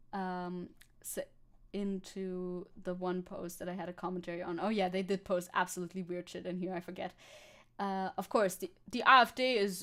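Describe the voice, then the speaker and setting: A young woman from Germany streaming as a VTuber, chatting casually and sarcastically, reading chat comments, swearing freely and laughing often. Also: medium pitch.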